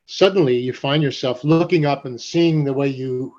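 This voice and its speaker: An older man from New Jersey telling stories in an interview, animated and profane, acting out the voices of people he quotes. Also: mid-range voice, moderate pace. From Paterson, New Jersey. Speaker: guest. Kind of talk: storytelling interview. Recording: dull lo-fi sound.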